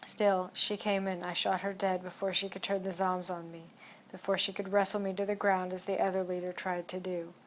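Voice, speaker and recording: A woman reading a first-person audiobook chapter in a steady, even storytelling manner. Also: on the low side, brisk, a little hiss or hum. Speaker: audiobook narrator.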